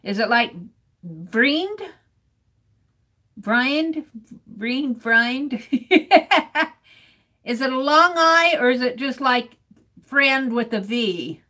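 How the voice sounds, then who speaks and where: A woman's voice: high-pitched, slow pace, pauses often, sharp tone. A woman chatting casually with viewers on a live art stream while she cuts a stencil, greeting people by name and sounding out words playfully.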